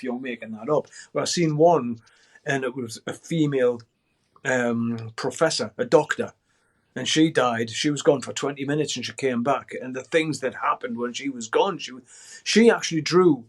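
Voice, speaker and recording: An older man recounting a story as a podcast guest. He talks in an animated way, swears freely and shouts out the lines he quotes. His voice sits at an everyday middle pitch. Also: husky. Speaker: guest musician.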